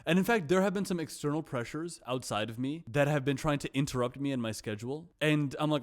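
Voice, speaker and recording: A man's voice: medium pitch, lively intonation, moderate pace. A man vlogging in a casual, reflective monologue. He is self-deprecating and repeats himself.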